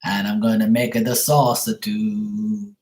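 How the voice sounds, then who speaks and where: A man's voice: fairly low pitch, level tone, a little mellow, voice pushed down. A man voicing an old Italian grandmother who sings in broken English with a put-on Italian accent. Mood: sing-song. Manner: slow, sing-song, broken English. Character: old Italian grandma, fussy cook, singing.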